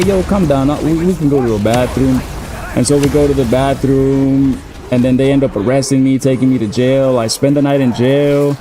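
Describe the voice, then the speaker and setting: A man in his thirties tells a story in a loose, rambling way, full of fillers and swearing. His voice has a mellow, dark tone. A faint hiss of background noise sits under the recording. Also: mid-range voice. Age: 30s. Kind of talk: casual storytelling while gaming.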